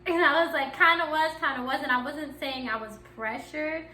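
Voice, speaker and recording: A woman's voice: sits high, moderate pace, bright, forceful tone, a little hiss or hum. Giggly, chatty young woman telling a story. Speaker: vlogger. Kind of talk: casual storytime chat. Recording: echoey room.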